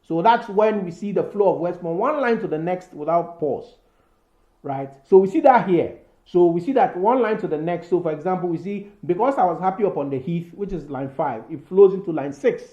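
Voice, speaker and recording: A man's voice: high voice, lively intonation, moderate pace, echoey room, dull audio. A male teacher explaining poetry form and rhyme schemes, filling his talk with "so" and "you know" and restarting words. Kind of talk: recorded poetry lesson.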